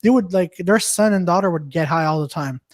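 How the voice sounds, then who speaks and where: Guy rambling through a story, high voice, dead dry mic. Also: a little fast, no room sound. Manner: rambling, repeats words and restarts often. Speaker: podcast co-host. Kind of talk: casual storytelling.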